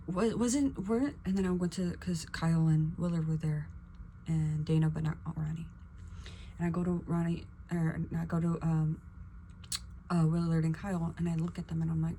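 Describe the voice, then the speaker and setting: A young woman vlogger chatting casually while getting ready, acting out quotes with sudden whispers and high bursts. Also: steady tone, brisk, warm tone, slight background noise. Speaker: beauty vlogger.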